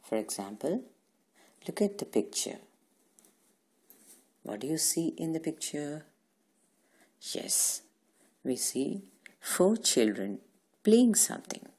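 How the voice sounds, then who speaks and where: A woman's voice: sits low, big pitch swings, slow, long pauses, warm tone, husky. A woman teacher, giving a patient grammar lesson to young children and answering her own questions. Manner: patient, asks questions and answers them herself.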